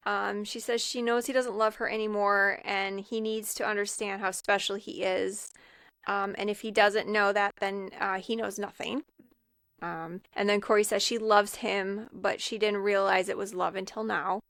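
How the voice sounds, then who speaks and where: A woman's voice: mid-range voice, little pitch movement, normal speed, a bit bright, no echo, clean studio sound. A woman co-hosting a podcast, casually recapping a film's plot scene by scene with frequent ums and fillers. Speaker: podcast co-host. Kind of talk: casual film recap chat.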